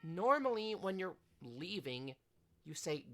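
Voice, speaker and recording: Woman streamer, relaxed narration of a game, lively pitch. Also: moderate pace. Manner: low, relaxed narration and asides. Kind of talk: reading a dating game aloud on stream.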